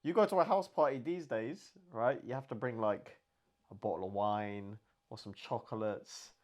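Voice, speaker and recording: Male co-host, mid-pitched, joking delivery, builds silly made-up scenarios. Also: moderate pace, darkish tone. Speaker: podcast co-host. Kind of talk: casual chat.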